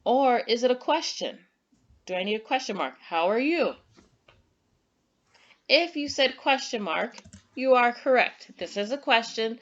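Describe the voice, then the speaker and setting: A woman's voice: medium pitch, a bit bright, highs cut off. A woman teacher giving an online lesson to young children, patient and encouraging, who reads example sentences aloud with exaggerated emphasis.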